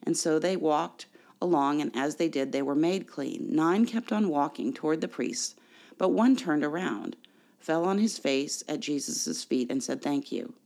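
A pastor delivers a Sunday sermon in a measured, deliberate way, posing rhetorical questions to the congregation. The voice sits in a middle range with a darkish tone and lively intonation.

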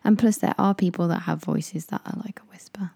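A woman's voice: fairly low pitch, fairly even intonation, a little fast, vocal fry, mellow, breathy edge. A woman co-hosting a casual chat podcast, playful and laughing often as she acts out silly scenarios. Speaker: podcast co-host.

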